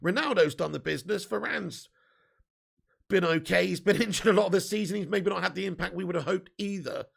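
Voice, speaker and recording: A man hosts a live fan stream, talking fast and loose with viewers. His voice sits high for a man and is heavily gravelly and rough. He swears freely and gets riled up easily in his banter. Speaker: football fan channel host. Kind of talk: live-stream chat reading super chats.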